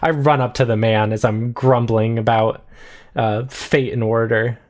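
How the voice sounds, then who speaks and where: A player in a tabletop game who shouts in character and gets excited. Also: mid-range voice, unhurried. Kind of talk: tabletop role-play.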